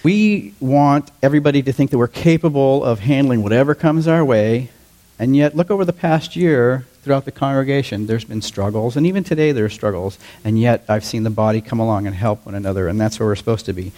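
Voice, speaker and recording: A man in his fifties preaching a sermon to his congregation in a relaxed, conversational way, often asking them questions. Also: medium pitch, a little fast. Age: 50s. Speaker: pastor.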